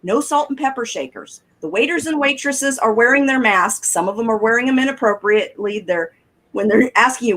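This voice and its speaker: Her stories come out animated and chatty, tinged with laughter, as this middle-aged woman co-hosts a casual talk show. Her somewhat high voice moves up and down a lot and runs a little fast, and the sound quality is poor.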